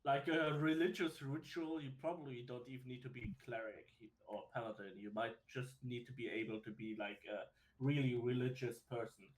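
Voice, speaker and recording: Man, tabletop player, casual, hedging, mid-pitched. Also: moderate pace, a little hiss or hum, rough recording. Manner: hedging, says "I mean" and "like" often. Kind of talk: tabletop game chat.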